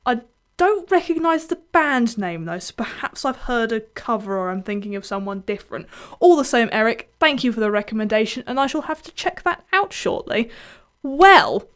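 A young woman presents her music radio show in a loose, chatty way. Her voice sits a little high, and she rambles happily and pokes fun at herself as she introduces listener picks and songs. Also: animated, normal speed, fairly bright tone. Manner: chatty, self-deprecating, erratic.

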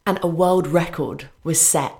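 A young woman with a British accent talks as a guest on a radio show. Her voice sits on the lower side. She chats loosely, filling pauses with ums and small laughs. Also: darkish tone. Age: young adult. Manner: chatty, hesitant with frequent ums, laughing asides. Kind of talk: casual radio chat.

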